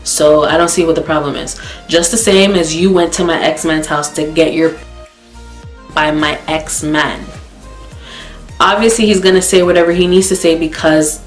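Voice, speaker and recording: A young woman from Canada telling a blunt, profane, animated story in a casual storytime vlog. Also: sits low. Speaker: vlogger. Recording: echoey room with faint background music.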